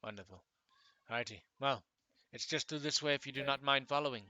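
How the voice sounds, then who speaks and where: A man serves as game master for a tabletop game, narrating in a relaxed, halting way full of fillers. His voice sits in the mid-range, and the recording has no echo.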